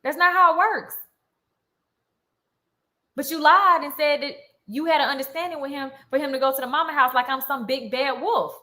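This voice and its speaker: A young woman vlogger ranting heatedly on a live stream, indignant and fast-talking, with features. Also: high-pitched, sharp tone.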